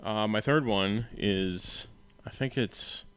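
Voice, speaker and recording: A man co-hosting a casual movie review podcast, talking in a relaxed way with many fillers. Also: fairly low pitch, takes it slowly, smooth, no room sound. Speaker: podcast co-host.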